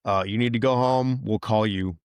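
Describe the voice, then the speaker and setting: A man's voice: lowish voice, moderate pace, smooth, dry recording. A man, a veteran hosting a podcast, telling his story in casual chat and acting out other people's lines with a raised voice. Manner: animated retelling, quotes others in raised voice.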